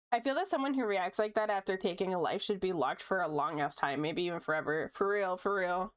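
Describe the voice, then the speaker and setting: A woman's voice: mid-range voice, sing-song, a little fast, clear, resonant tone. A young woman streamer chatting casually while she draws, reading chat aloud, laughing often and swearing freely.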